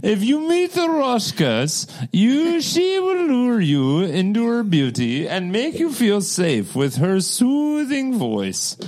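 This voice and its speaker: A man putting on an exaggerated mock Russian accent as a menacing narrator, reading slowly and emphatically for comedy. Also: sits high, huge pitch swings, a little mellow, full character voice. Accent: put-on Russian. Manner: slow, emphatic, clipped reading with a refrain. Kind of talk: comedic put-on voice reading aloud.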